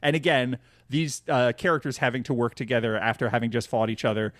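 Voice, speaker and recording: A man's voice: medium pitch, little pitch movement, quick pace, a bit bright, dry recording, studio quality. A man co-hosting a podcast, recapping a cartoon in casual chat, rambling with lots of fillers and restarts. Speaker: podcast co-host.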